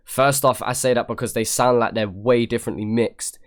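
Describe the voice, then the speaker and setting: A British man hosting a casual music reaction, chatty and given to excited jumps in pitch. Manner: chatty, pauses the track to comment, jumps up in pitch when excited. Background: the reviewed track playing faintly.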